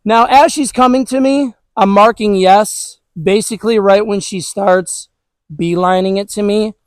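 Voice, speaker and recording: A man's voice: sits high, unhurried, no echo, low-quality recording. A man who trains dogs, talking casually through an outdoor lesson with plenty of fillers. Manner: relaxed, chatty, many fillers like "all right". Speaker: dog trainer. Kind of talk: casual instructional talk.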